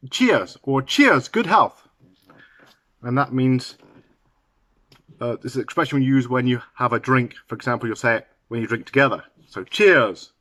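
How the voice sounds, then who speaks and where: Man, bright voice, dry close sound, patient teacher explaining idioms, halting delivery. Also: medium pitch, no room sound. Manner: unhurried, halting with fillers and restarts. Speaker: English teacher.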